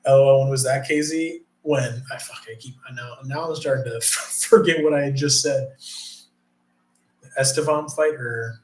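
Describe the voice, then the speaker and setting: Male streamer, mid-pitch, loose profane chat, roomy echo. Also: steady tone, moderate pace. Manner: profane, rambling, reads chat aloud. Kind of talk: casual live stream chat.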